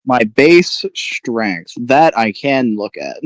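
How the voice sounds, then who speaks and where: A man's voice: medium pitch, expressive, slow pace, no echo. A man playing a tabletop game in a casual, hesitant way, with fillers and laughs. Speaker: player.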